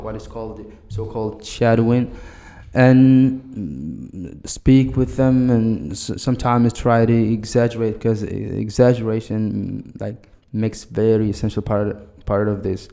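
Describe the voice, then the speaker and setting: A man talking in a casual podcast chat, stopping and restarting often as he searches for words in a language that is not his first. His voice is dark and mellow, and it rings in a roomy space. He keeps a plain, steady pitch. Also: creaky. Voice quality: halting, repeats words. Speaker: podcast co-host.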